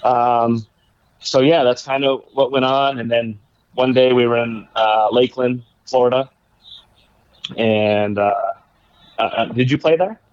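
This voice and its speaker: A man's voice: medium pitch, fairly even intonation, measured pace, pauses often, clear, resonant tone, no room sound, dull audio. Laid-back man telling a long story. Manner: laid-back, rambling, laughs while telling stories. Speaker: former baseball pitcher, guest. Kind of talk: casual storytelling in conversation.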